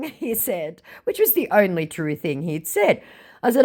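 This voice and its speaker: A woman's voice: low-pitched, sing-song, normal speed, a little mellow. A woman, mockingly narrating a story about baiting a scammer. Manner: dry, mocking sarcasm. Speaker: scam-baiting channel host.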